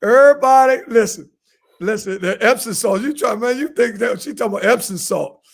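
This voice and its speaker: A man's voice: extremely high pitch, brisk, creaky. A man co-hosting a comedy podcast, giving crude advice in a boastful, repetitive way and laughing at his own jokes. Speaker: podcast co-host.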